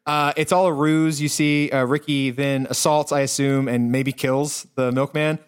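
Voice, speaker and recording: A man's voice: mid-range voice, level tone, moderate pace, clean tone. A man co-hosting a podcast, recapping a film in a casual, rambling, profane way, full of fillers and restarts. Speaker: podcast co-host. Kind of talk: casual movie-recap chat.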